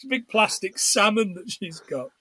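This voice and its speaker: A man's voice: high-pitched, lively intonation, unhurried, sharp tone, slightly rough, no echo. An English man in a casual podcast chat about a film, laughing often as he retells scenes. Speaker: podcast co-host.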